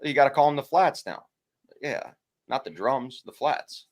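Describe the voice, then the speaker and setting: A man's voice: medium pitch, expressive, normal speed. A man co-hosting a casual sports betting show, giving his picks with playful, mock-indignant banter.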